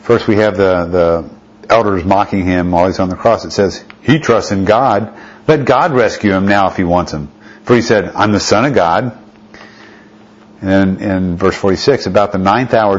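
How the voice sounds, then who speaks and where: A man with a low voice preaches a Bible-study sermon, reading verses aloud and pausing to pose rhetorical questions. The recording sounds dull and lo-fi. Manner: reads scripture aloud, asks rhetorical questions.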